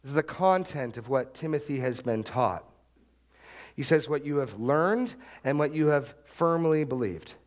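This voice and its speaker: A middle-aged male pastor preaching an expository sermon, emphatic and repetitive, with sharp upward jumps when he stresses a point. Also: fairly high pitch, expressive, unhurried. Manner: emphatic, repeats key phrases, rises sharply for stress.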